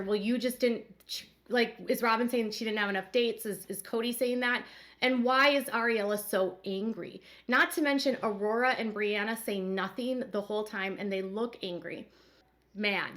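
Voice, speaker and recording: A woman's voice: a little high, fairly bright tone. A woman hosting a commentary channel, recapping and speculating in a chatty way with lots of fillers. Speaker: commentary host.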